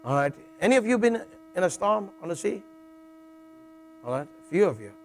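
A man's voice: sits high, very animated, moderate pace, gravelly, a little hiss or hum. A middle-aged man preaching a sermon in a jokey, conversational way, often checking in with "all right" and restarting phrases.

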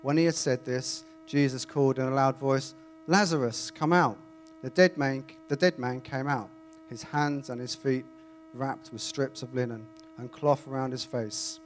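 A man reading scripture aloud and then preaching in a chatty, animated way to a congregation. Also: medium pitch, normal speed. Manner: conversational, animated, self-interrupting. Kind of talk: Bible reading and informal sermon. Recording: faint mains hum.

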